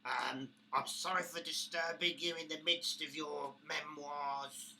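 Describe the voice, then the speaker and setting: A high, jittery goblin servant with a British accent, as a man puts him on, grovelling and apologetic. He hurries his words, and the tone is bright with a faint hiss behind it. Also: steady tone, a little slow, full character voice. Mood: nervous.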